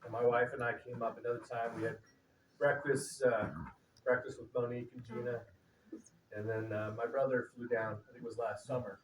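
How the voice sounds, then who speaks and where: A man's voice: medium pitch, little pitch movement, fairly quick, slight background noise. Middle-aged man, rambling humorous eulogy, lots of fillers, off-mic, echoey room. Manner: rambling and humorous, many fillers, acts out quotes. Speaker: eulogy speaker, cousin of the deceased. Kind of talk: informal storytelling eulogy. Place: memorial gathering in a room. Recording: distant, roomy, with audience murmur.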